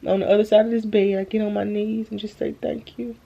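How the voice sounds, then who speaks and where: A young woman talks earnestly to her viewers on a phone camera at home, drained and holding back tears, slow and halting. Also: mid-range voice, little pitch movement, creaky, dark tone, lo-fi sound. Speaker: vlogger. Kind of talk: emotional faith-filled vlog talk. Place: at home, bedroom.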